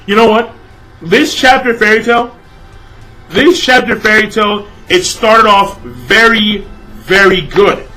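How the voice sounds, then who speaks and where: Ranting young man with bright voice. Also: high-pitched, slow pace, faint music behind, rough recording. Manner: exasperated, profane, repeats phrases, shouts in bursts. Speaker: manga reviewer. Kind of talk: ranting manga review vlog.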